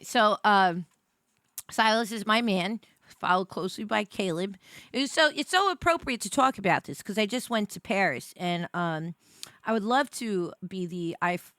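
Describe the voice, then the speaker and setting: An American woman streamer chatting casually on a live stream, jet-lagged and tired, rambling with many fillers and bursts of excitement. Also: medium pitch, normal speed, no echo, studio quality. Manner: excitable, rambling, many fillers, swings between mumbling and squealing.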